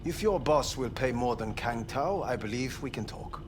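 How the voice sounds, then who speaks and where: A man plays a cold, clinical scientist in a video game. He talks in a measured, formal way, at an ordinary pitch, and a clear hiss sits under the game audio. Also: lively intonation, close to an everyday voice. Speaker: game character.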